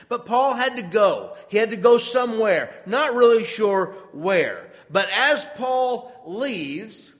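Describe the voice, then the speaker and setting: Male pastor with an unhurried, measured delivery, recorded with long echo in a sanctuary. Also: high voice, fairly bright tone. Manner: measured, deliberate scripture reading that turns conversational. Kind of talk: sermon. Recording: long reverb of a church hall.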